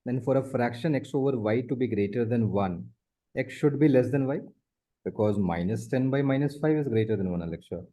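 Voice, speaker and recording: A man's voice: medium pitch, fairly quick, mellow. A man tutoring math one on one, explaining step by step and repeating his points. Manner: explains step by step, repeats points, often says the student's name.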